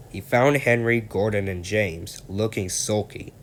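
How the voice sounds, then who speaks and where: A man narrates a children's story aloud in a calm, steady reading voice. His pitch sits on the low side. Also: unhurried, few pauses.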